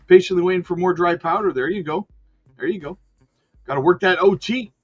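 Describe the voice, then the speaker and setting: Man, livestream host, casual chat, fairly high voice, dull lo-fi sound, faint music behind. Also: a little fast, slightly rough. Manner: chatty, reads viewer comments aloud.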